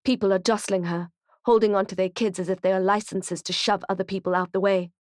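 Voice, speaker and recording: A woman's voice: mid-range voice, a little fast, dry recording. Woman narrating a thriller audiobook, dry. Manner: tense, steady storytelling in present tense.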